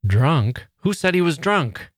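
A man's voice: a little high, animated, moderate pace, no echo, clean studio sound, pitched above the performer's own voice, lightly acted. A man reading aloud, voicing an anxious, tender-hearted young woman who pleads earnestly. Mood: pleading.

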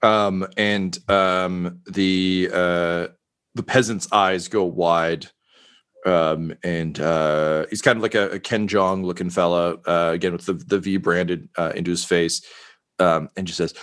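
A man's voice: deep voice, fairly even intonation, takes it slowly, fairly bright tone, clean tone. A young adult man narrating as game master, loose and full of hesitations. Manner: full of fillers and restarts.

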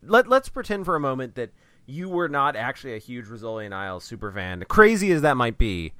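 A man's voice: medium pitch, big pitch swings, a little fast, a bit bright, no echo. A man co-hosting a comedy podcast, riffing on absurd improvised bits in casual chat. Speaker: podcast co-host.

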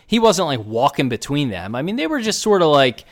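A man's voice: a little high, fairly quick. A man, telling a story in casual podcast chat and acting out the voices of people in it. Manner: animated storyteller, acts out quoted voices.

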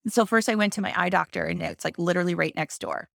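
Gravelly-voiced woman sharing her story. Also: on the low side, quick pace, fairly bright tone, dry recording, studio quality. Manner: open, emotional storytelling with quoted dialogue. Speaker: guest. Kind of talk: candid interview conversation.

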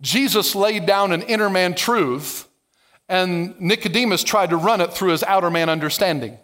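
A man preaching a lively, conversational sermon as a pastor, acting out biblical dialogue with playful sarcasm and humor. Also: sits high, moderate pace.

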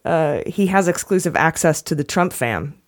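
A woman's voice: low-pitched, lively intonation, normal speed. A woman hosting a casual news podcast, wry and often laughing as she talks. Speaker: podcast host.

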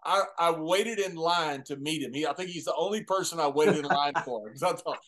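A man hosting a casual talk, relaxed and laughing along. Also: fairly high pitch, a little fast. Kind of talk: casual chat.

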